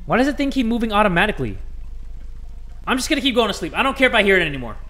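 High, lively young man gaming. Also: rapid-fire, rough recording. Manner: jumpy, loud outbursts and joking asides. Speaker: gaming YouTuber. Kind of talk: horror game let's play commentary.

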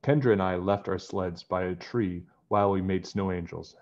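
A man's voice: low-pitched, steady tone, moderate pace, a little mellow, dull audio. A man doing an upset, accusing young girl. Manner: accusing, explaining.

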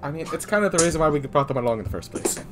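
A man at a tabletop game drops wry jokes in easy chat. His voice moves in lively ups and downs, and music plays clearly behind him. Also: on the high side, racing. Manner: joking, wry asides. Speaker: player. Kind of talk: casual chat.

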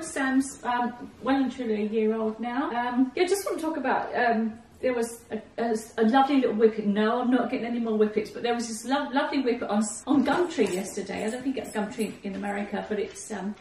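A chatty woman with a slightly high voice talks casually to camera from her living-room couch, laughing and coaxing her dogs as she goes. The camera sits a few feet away, so her voice sounds distant and roomy, with faint noise behind it. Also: fairly quick, few pauses, darkish tone. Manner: chatty, laughs often, coaxes her dogs between remarks. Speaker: vlogger. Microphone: camera set a few feet away.

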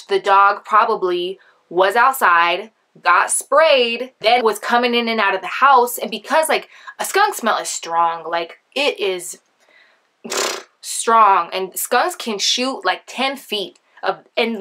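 Chatty bright-voiced young woman. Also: medium pitch. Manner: chatty, animated, acts out quoted voices; heavy use of filler like. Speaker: vlogger. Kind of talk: casual storytime.

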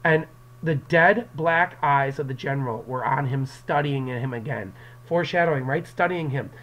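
Speaking at normal speed in a medium-pitched, slightly bright voice, this male English teacher lectures his class through an external mic. He addresses the students directly, walks them through the story, and acts out its quotes. The audio quality is low.

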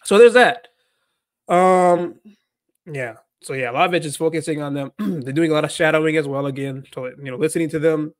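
Rambling man with a fairly high voice. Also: fairly quick, no echo. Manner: rambling, filler-heavy, lots of "like" and restarts. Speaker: host. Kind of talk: casual livestream chat.

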